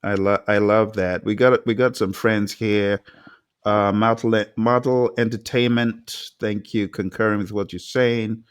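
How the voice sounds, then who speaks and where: A man's voice: on the low side, steady tone, unhurried, smooth. Enthusiastic man hosting an interview. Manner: enthusiastic, exclamatory, reads viewer comments aloud. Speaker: interview host. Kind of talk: live-streamed interview.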